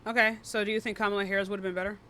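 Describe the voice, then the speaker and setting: A woman hosting a live online debate stream, blunt and profane, quick to cut people off. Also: mid-range voice, little pitch movement, bright, forceful tone.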